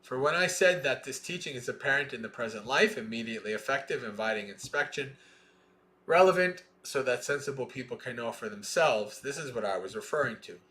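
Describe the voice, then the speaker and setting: Give me a man slowly reading scripture aloud in a mid-range voice and explaining it as he goes. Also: mid-range voice, expressive, sharp tone. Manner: slow, measured recitation. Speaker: Dhamma reader.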